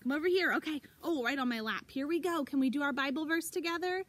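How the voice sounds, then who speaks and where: A woman leading a preschool circle time lesson outdoors, talking to young children in an animated, encouraging way. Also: sits high, fast. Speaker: preschool teacher.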